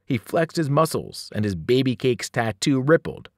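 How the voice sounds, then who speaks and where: A man, a teacher, reading a novel aloud to students in an expressive storytelling manner. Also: mid-range voice, moderate pace, hardly any pauses, no echo, studio quality. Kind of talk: audiobook narration for students.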